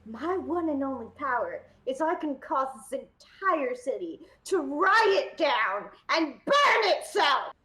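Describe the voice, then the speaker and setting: A woman's voice: sits high, big pitch swings, takes it slowly, hardly any pauses, pushed and bright, full character voice, rough recording. A woman playing a taunting gang enforcer. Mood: menacing. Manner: taunting, threatening. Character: menacing gang member with riot power.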